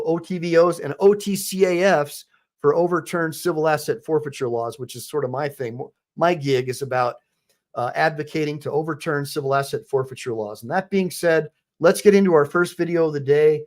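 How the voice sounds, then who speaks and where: A man's voice: fairly high pitch, normal speed. A man hosting a live stream with rambling commentary, full of fillers and restarts. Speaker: host, attorney.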